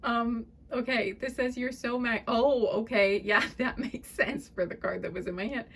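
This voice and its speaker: Soft-spoken woman doing a tarot reading. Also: fairly high pitch, fairly even intonation, normal speed, husky. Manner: soft, chatty, giggly and apologetic. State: fits of laughter. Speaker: tarot reader. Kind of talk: pick-a-card tarot reading.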